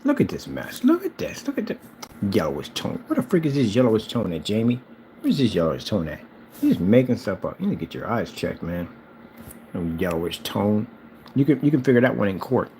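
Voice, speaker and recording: A man's voice: on the low side, sing-song, a little fast, warm tone, slight background noise, rough recording. A man who sells screen paint, delivering a heated, mocking reaction rant at a rival. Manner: mocking, combative.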